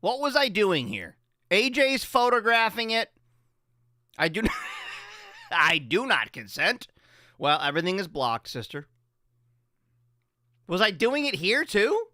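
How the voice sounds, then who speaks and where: A man hosting a radio show, chatting loose and profane with a bright, lively voice that jumps around. He rambles and jokes. The studio sound is dry and close. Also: sits high, a little slow, long pauses, no room sound. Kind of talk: casual chat on a morning radio show.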